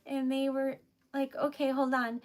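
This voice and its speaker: A woman's voice: high-pitched, level tone, unhurried. A young woman, chatting casually on a live stream, giggly and emotional with lots of fillers. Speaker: livestreamer.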